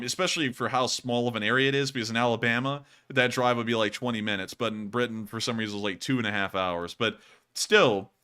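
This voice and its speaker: A man's voice: medium pitch, pushed and bright. A man hosting a live news stream, talking in a loose, jokey, chatty way. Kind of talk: casual live-stream commentary.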